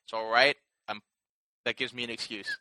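Rambling, bright-voiced man chatting wrestling. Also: mid-range voice, level tone, normal speed, no room sound, low-quality recording. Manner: rambling, swears casually, many fillers. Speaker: podcast co-host. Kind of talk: casual wrestling chat.

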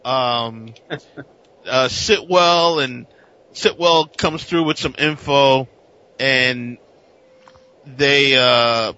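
Animated bright-voiced man, lo-fi recording. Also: medium pitch, extremely slow, long pauses. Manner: animated, acts out characters in silly voices, laughs. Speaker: comic book podcast co-host. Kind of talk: casual comic recap. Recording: dull lo-fi recording.

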